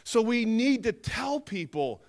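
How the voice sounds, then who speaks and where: A man preaching a sermon, emphatic, slowing down to stress key phrases and dipping into quieter asides. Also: very high voice, sing-song. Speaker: pastor.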